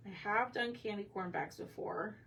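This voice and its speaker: Casual craft host, woman, bright and forward tone, a bit off-mic with faint room hum. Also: mid-range voice, normal speed, recorded from a distance. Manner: chatty, talks to viewers while working. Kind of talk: casual chat while painting.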